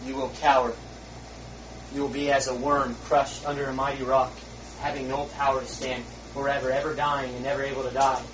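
Fiery preacher guy in a church, hushed then shouting, kinda far off the mic, faint hiss behind. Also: mid-range voice, flat delivery, a little fast. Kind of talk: fiery sermon.

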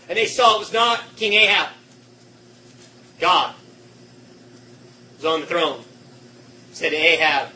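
A man preaching a sermon with passion, swinging between shouting and hushed, quiet tones. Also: high-pitched, normal speed, pauses often, a little hiss or hum, poor audio.

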